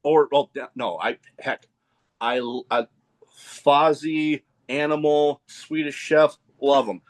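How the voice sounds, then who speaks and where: A man's voice: on the high side, slow pace. A man hosting a casual podcast chat, easygoing and agreeable, often laughing along with his guest. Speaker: podcast host.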